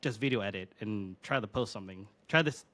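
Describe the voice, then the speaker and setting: A man's voice: fairly low pitch, brisk, a bit bright. A man in his thirties hosting a podcast, chatting casually and rambling with many fillers. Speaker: podcast host. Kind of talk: casual chat.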